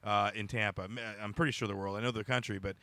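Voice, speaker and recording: A man hosting a comedy podcast, joking in quick, animated banter with many fillers. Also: lowish voice, no echo. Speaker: podcast host. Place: studio in Tampa.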